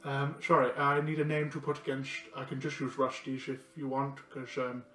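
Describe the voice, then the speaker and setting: A man's voice: medium pitch, completely flat delivery, normal speed, sharp tone, lightly acted. A man voicing a flustered male clerk who rambles hesitantly, recorded in a roomy space from a distance with faint music behind. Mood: fumbling. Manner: rambling and hesitant, many ums.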